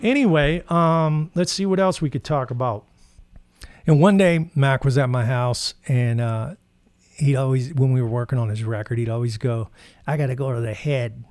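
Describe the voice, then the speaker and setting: A man's voice: medium pitch, moderate pace, darkish tone, no echo. A man hosting a guitar channel, casually telling rambling anecdotes full of fillers. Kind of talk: casual storytelling.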